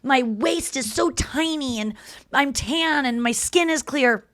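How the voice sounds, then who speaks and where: A woman's voice: high voice, a little slow, a bit bright. A woman hosting a podcast, talking frankly and expressively in casual chat. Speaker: podcast host.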